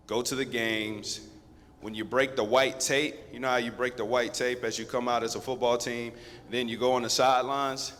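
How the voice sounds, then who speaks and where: Man, 30s, guest speaker, storytelling to kids, lively and chatty, long hall echo, mid pitch. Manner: lively, conversational, addresses the crowd directly. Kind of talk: storytelling to students. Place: school assembly hall.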